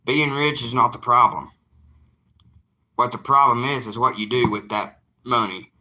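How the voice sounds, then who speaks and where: A man's voice: medium pitch, steady tone, normal speed, bright, forceful tone. A young man with a Southern US drawl talking to his viewers in a casual vlog monologue, emphatic and folksy, repeating lines for emphasis. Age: young adult. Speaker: evangelist vlogger.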